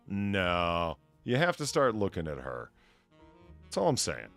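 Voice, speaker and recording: A man hosting a casual livestream chat, joking and swearing with loud bursts of laughter. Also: low voice, wildly swooping pitch, a little slow, faint music behind. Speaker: stream host.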